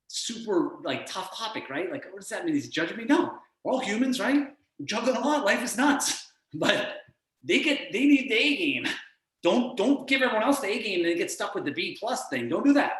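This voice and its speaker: Energetic man coaching over a call. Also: a little high, echoey room, low-quality recording. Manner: energetic, acts out other people's voices. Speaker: performance coach and guest. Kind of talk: motivational coaching talk. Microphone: video call.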